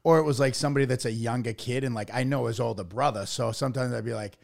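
A man's voice: mid-range voice, fast talker, vocal fry. A man from Boston co-hosting a podcast, speaking in a laid-back, hesitant way with many fillers. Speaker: podcast co-host. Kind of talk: casual chat.

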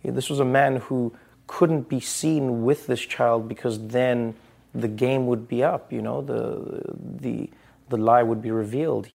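Gravelly-voiced man from South Africa. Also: mid-range voice, a little slow. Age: 30s. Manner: earnest, storytelling, quotes others in lively voices. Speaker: interviewee, comedian. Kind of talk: reflective interview.

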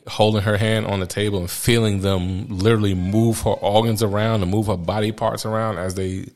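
Candid low-voiced dad telling stories. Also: male voice. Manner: candid, rambling, laughs often. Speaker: father sharing parenting stories. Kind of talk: casual personal storytelling.

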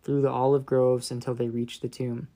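A man narrating a children's Bible story with gentle, dramatic storytelling that softens in solemn moments. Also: mid-range voice, level tone, moderate pace.

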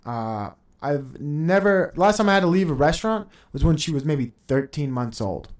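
A man's voice: fairly high pitch, animated, moderate pace. A man in his thirties hosting a podcast, ranting in a heated, profane and sarcastic monologue, laughing between points. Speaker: podcast host.

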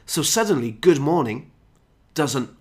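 A man teaching English in a clear, explanatory way, acting out example phrases. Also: on the high side, sing-song, unhurried. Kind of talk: scripted podcast lesson.

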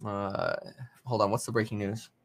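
A man hosting a live stock market stream, giving casual running commentary with sudden excited outbursts. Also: on the low side, normal speed. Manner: casual, thinking aloud, bursts of excited exclamations. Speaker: stock market livestream host.

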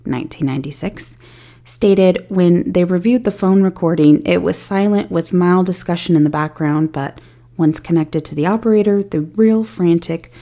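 Woman, podcast host, scripted true-crime narration, measured delivery, candid asides, lowish voice, warm tone. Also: gravelly.

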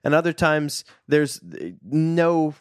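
A man's voice: on the high side, big pitch swings, slow pace, clear, resonant tone, no room sound. A man co-hosting a casual podcast, talking with a dry, sarcastic humor. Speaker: podcast co-host.

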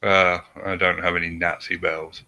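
A man's voice: deep voice, little pitch movement, normal speed, sharp tone. A man with a cold, co-hosting a podcast in a dry, sardonic, swearing manner. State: has a cold. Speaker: podcast co-host. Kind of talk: casual chat and reading notes.

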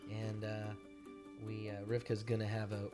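A man co-hosting a casual podcast chat, easygoing and halting with fillers, his throat a little rough from allergies. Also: fairly low pitch, completely flat delivery, over music. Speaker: podcast co-host.

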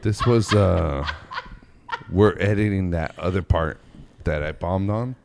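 A man's voice: deep voice, slow, vocal fry, background noise. A man hosting a podcast in casual chat, rambling and stammering as he talks. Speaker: podcast host.

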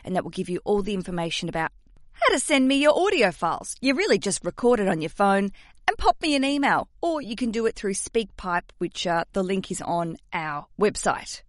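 A woman's voice: medium pitch, sing-song, fairly quick, no room sound, studio quality. A woman hosting a podcast, chatty and self-mocking, rambling through her intro. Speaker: podcast host. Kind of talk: casual podcast chat.

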